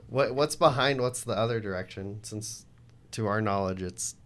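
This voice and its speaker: A man's voice: lowish voice, moderate pace, a bit bright. A man playing a tabletop game, practical and planning, with hesitant restarts. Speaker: player. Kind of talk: casual play at a tabletop game.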